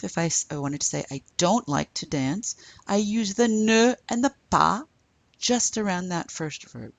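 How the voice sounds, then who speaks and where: Slow, deliberate woman teaching French. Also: mid-range voice, vocal fry, dry recording. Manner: slow and deliberate, modelling pronunciation for learners to repeat. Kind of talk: recorded lecture.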